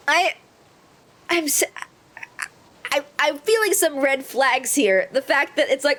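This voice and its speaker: A woman streaming herself playing a video game, commenting casually and excitedly, joking and swearing freely. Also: sits high, takes it slowly, pauses often.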